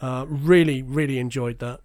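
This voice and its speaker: A man from England co-hosting a podcast, chatting casually and dropping quick, wry interjections. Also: medium pitch, steady tone, a little mellow, dry recording, studio quality. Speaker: podcast co-host. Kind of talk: casual chat.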